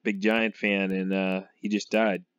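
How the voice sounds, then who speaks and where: A man's voice: lowish voice, level tone, a little slow, smooth, dry recording. A man from Massachusetts rambling through a casual monologue about football, laughing often and trailing off as he talks. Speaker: sports fan vlogger. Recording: dull lo-fi recording.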